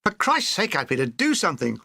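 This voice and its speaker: A man's voice: a little high, huge pitch swings, normal speed, gravelly, bright, forceful tone, no room sound, clean studio sound, full character voice. A man reading a war memoir aloud and voicing a timid young soldier who whines and complains. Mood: whining. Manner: whining, complaining. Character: timid grumbling young soldier stuck on ruins.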